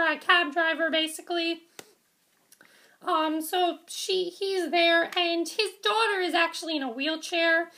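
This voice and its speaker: A woman's voice: extremely high pitch, bright, forceful tone. A woman giving a casual, enthusiastic movie review vlog, rambling with many fillers and restarts. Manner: enthusiastic, gushing praise.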